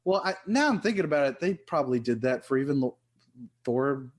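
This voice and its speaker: A man's voice: medium pitch, expressive, brisk. A man, a writer co-hosting a podcast, rambling in casual chat and giggling as he corrects himself.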